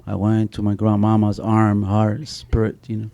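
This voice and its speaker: A fairly low, gravelly, mellow voice delivers stories at a normal speed, almost monotone. The speaker is a middle-aged man on an author panel, storytelling animatedly with many restarts and a repeated "you know."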